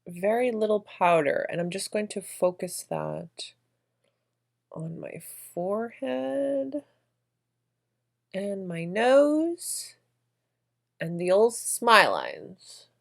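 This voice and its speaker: A woman's voice: medium pitch, sing-song, slow pace, creaky, pauses often. A woman vlogger narrating her makeup routine in a chatty, effusive way, gushing over products. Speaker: beauty vlogger.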